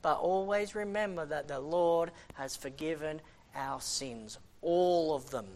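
A man preaching a sermon as a missionary, impassioned, swinging between loud exhortation and quiet, sighing asides. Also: fairly high pitch, measured pace.

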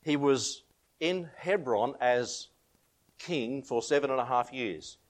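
Aussie bloke preaching, middle-aged pastor, reads the bible then tells stories and laughs at them, easygoing. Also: male voice, mid-range voice, expressive, slow pace. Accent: Australian. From Australia. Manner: chatty storytelling, laughs at his own anecdotes; reads scripture in King James wording, leads prayer. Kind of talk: informal sermon with Bible reading.

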